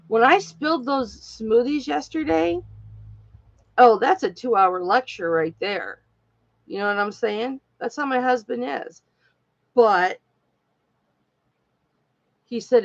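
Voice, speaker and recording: A woman with a gravelly, creaky voice talks slowly and candidly to her live-stream audience. Her speech is heartfelt and rambling, recorded close and dry. The audio has a slightly dull, lo-fi edge. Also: on the high side, animated, dry recording. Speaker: live-stream jewelry seller. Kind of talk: casual live-stream chat to viewers.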